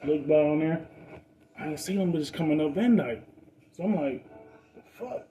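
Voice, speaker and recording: A man's voice: moderate pace, over music, low-quality recording. Man telling a street story. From Detroit. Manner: animated, acts out other people's voices in a higher pitch; profane street slang. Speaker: podcast storyteller. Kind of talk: casual storytelling.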